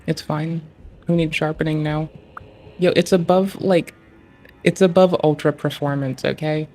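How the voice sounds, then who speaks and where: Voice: medium pitch, steady tone, unhurried, mellow, faint music behind. A streamer talking casually and swearing freely, muttering to themself and asking the screen questions while fiddling with game graphics settings. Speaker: livestreamer.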